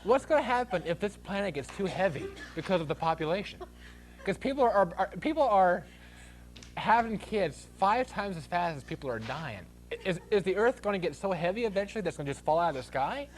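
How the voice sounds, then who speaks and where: A man's voice: high-pitched, very animated, a little fast. A man hosting a talk show, ranting comically and bursting into shrieks and laughter. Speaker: host.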